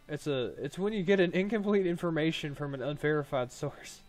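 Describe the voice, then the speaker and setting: Cast note: young gamer guy, rambling let's-play commentary, slightly higher voice. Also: expressive, fairly quick, hardly any pauses, a little mellow, faint music behind. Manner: jokey, rambling asides. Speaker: gaming video host. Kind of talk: let's play commentary, reading game text aloud.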